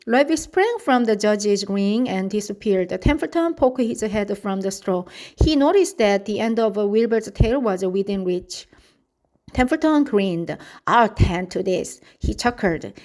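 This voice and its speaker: A woman reading a children's storybook aloud at a steady, careful pace. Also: medium pitch.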